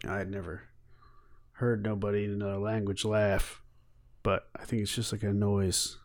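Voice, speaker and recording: A man's voice: on the low side, brisk, fairly bright tone. Joking, foul-mouthed man in casual chat. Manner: profane, joking, laughs easily.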